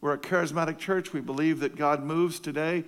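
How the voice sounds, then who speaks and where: A man's voice: fairly high pitch, fairly even intonation, brisk, clear, resonant tone, in a large hall. A man preaching a sermon to his church, earnest and emphatic, repeating key phrases for stress. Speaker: pastor.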